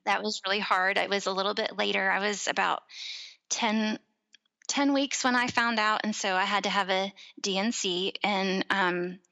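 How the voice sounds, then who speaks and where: Woman, 30s, podcast guest, casual storytelling, bright voice, animated. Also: mid-range voice, moderate pace, vocal fry, rough recording. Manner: animated, acts out quoted voices.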